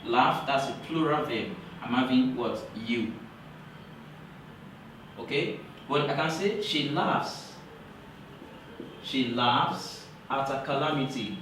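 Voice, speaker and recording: A man teaching English grammar in a classroom lecture, talking slowly and repeating key points for emphasis. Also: medium pitch, fairly bright tone, slight background noise. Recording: very echoey room, voice from far off.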